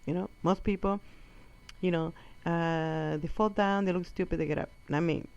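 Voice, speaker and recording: Profane comedian telling a story, lo-fi. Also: female voice, fairly low pitch, moderate pace, gravelly. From Colombia. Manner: animated, profane, acts out quotes. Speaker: stand-up comedian. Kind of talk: stand-up storytelling. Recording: dull lo-fi recording.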